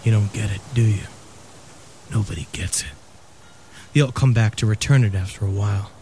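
A man's voice: on the low side, normal speed, mellow, slight background noise, pitched below the performer's own voice, natural voice. A man putting on a drawling old Maine shopkeeper. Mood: ominous. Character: weary, heavy old male antique shopkeeper.

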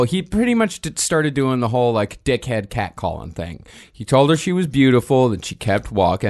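A man narrates a true-crime case for a podcast in a casual, matter-of-fact way. His voice sits at a middle pitch and moves up and down freely. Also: a little mellow. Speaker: podcast co-host, storyteller.

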